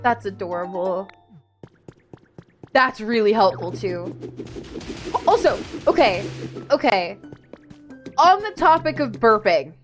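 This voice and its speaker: A young woman talks through a game stream in a fairly high, lively voice. She is chatty and excitable, reacting to everything on screen as game music plays faintly behind her. Her mic sits close at her desk. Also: slow, long pauses. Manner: excitable, chatty, gasps and laughs often. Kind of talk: casual live-stream chat while gaming.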